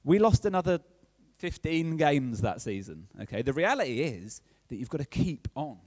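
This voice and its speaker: A young man preaches in a relaxed, conversational way and keeps checking that his listeners are following. His voice is very animated, rising and falling a lot. The sound is close and dry, with no room echo. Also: fairly high pitch, normal speed. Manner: chatty, checks in with "okay?" often. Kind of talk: conversational sermon.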